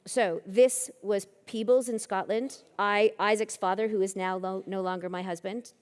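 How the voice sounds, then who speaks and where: A woman's voice: mid-range voice, steady tone, moderate pace, clean tone. A woman giving a conference talk, telling anecdotes with self-deprecating humor. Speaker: keynote speaker. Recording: long reverb of a hall.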